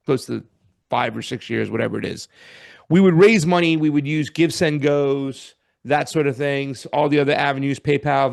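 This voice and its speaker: A man's voice: mid-range voice, gravelly. A man in casual podcast chat who talks in a rambling, reflective way. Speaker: podcast co-host.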